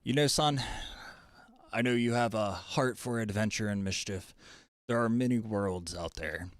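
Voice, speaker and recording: A man's voice: on the low side, measured pace, no room sound, natural voice. A man voicing a fond, wise mage father. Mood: fond, encouraging. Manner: fond, gently teasing, fatherly. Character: kindly middle-aged father, respected male mage.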